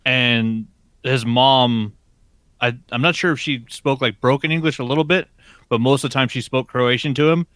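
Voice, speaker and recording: A man on a geek podcast tells a story in a bright, forceful voice, cursing for emphasis. His mic is close and fully dry. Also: mid-range voice, steady tone, normal speed, clear, resonant tone, no room sound. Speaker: podcast co-host. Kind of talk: casual chat.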